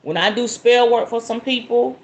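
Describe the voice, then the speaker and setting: A woman's voice: fairly high pitch, normal speed, a little mellow. A woman with a Southern American accent hosting a casual spiritual talk, chatty and folksy and breaking into laughter. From Southern United States. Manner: chatty and folksy, calls listeners y'all and baby, bursts of laughter. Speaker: spiritualist host. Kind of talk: casual live talk answering viewer questions.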